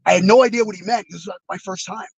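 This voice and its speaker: A man's voice: high voice, fast, vocal fry, breathy edge, no room sound, rough recording. A man being interviewed over a video call, telling rambling, reflective stories with many fillers and restarts. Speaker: interview guest, former wrestler. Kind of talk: casual storytelling.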